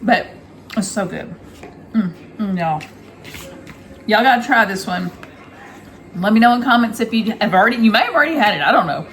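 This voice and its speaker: A woman chats through a home cooking vlog in a kitchen, talking straight to her viewers. She is enthusiastic and easygoing, with an ordinary mid pitch. A faint hiss runs under the recording. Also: expressive, normal speed, pauses often, fairly bright tone. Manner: chatty, addresses viewers directly, enthusiastic about food. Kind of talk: casual cooking vlog chat.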